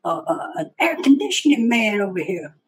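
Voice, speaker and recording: A man voicing a young male petty officer drill instructor who yells and drawls abuse at recruits. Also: high voice, sing-song, normal speed, slightly rough, voice pushed up, full character voice. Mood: yelling. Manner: yelling, drawling like the rooster cartoon character.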